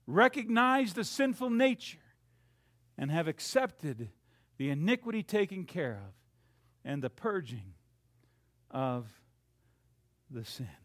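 A man preaching a sermon, swinging from loud, dramatic lines to hushed ones and acting out the quotes he reads. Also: high-pitched.

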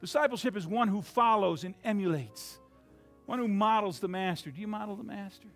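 A man preaching a sermon, swinging from loud, dramatic lines to hushed ones and acting out the quotes he reads. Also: high-pitched, a little fast, faint music behind.

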